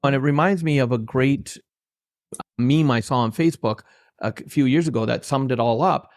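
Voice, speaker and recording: A man's voice: medium pitch, normal speed, no echo, clean studio sound. A man guest on an interview podcast, telling heartfelt personal stories and acting out the lines of the people in them. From Canada. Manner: heartfelt, anecdotal, quotes his own dialogue. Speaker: author and trainer, guest.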